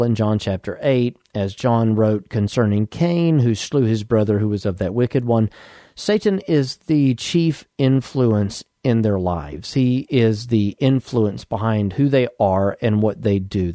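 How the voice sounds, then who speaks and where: Southern US man, radio preacher, warm measured teaching voice, dry close sound. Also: mid-range voice, no echo. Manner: measured, explanatory preaching with scripture readings. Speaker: pastor. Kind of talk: radio sermon.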